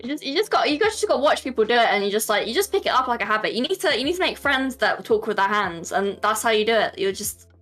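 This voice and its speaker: A woman's voice: a little high, big pitch swings, fast talker, few pauses, fairly bright tone, faint music behind. A British woman as a guest in a casual video-call interview, talking chattily and filling her speech with "like" and "you know".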